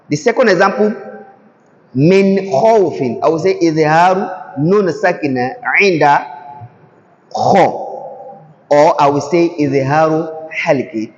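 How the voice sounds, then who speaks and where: A man teaching Tajweed who explains patiently, repeats example words slowly, and keeps asking the listener "can you see?". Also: on the high side. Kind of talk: classroom-style recitation lesson. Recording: dull lo-fi sound in a reverberant hall.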